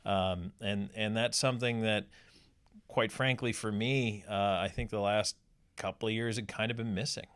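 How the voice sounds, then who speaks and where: A man's voice: fairly low pitch, steady tone, normal speed, fairly bright tone. A man, a former hockey player and color commentator, reminiscing in an interview with frequent restarts and fillers.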